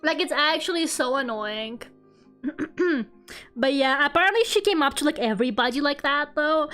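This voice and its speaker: A young woman streamer telling a story in a casual, animated rant, swearing and laughing along the way. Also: high voice, moderate pace. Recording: faint music behind.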